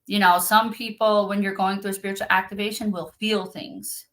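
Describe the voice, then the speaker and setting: A woman's voice: mid-range voice, little pitch movement, normal speed, rough recording. A woman who practices spiritual activation, talking casually and earnestly about her work, with many fillers. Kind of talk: casual conversational talk.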